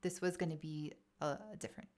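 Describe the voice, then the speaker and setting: A woman casually telling a personal story to camera in a vlog, chatty and animated, acting out quoted thoughts. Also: sits low, brisk. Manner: chatty, animated, acts out quoted inner voices. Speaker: wellness vlogger.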